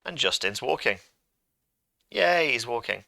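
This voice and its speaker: A man's voice: mid-range voice, lively intonation, measured pace, vocal fry, sharp tone, dry recording. A man teaching a coding lesson to pupils, chatty and playful as he talks through each step on a computer microphone. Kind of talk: screen-recorded coding lesson.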